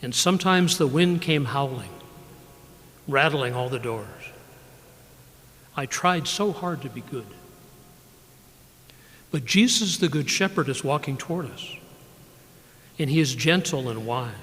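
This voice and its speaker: Older man reading poems in a reverberant room. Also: mid-range voice. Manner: measured, unhurried reading with soft drops in level. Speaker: poet reading his work. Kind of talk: live poetry reading. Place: library event room, live audience. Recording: reverberant live room recording.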